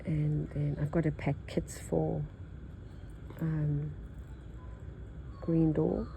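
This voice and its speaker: A nasal older woman with an Australian accent chats as she works on her embroidery, thinking aloud and drifting between topics. Her voice sits low and warm, with a gravelly edge. A faint hiss runs under it. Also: little pitch movement, drawn-out words, rough recording. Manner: rambling, chatty, thinks aloud. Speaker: embroidery teacher. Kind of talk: casual chat while stitching.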